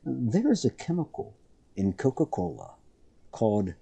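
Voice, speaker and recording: A man's voice: mid-range voice, huge pitch swings, unhurried, creaky, dark tone, husky. A man streaming a game, telling a rambling story with dry humor and frequent self-corrections. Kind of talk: casual storytelling while streaming.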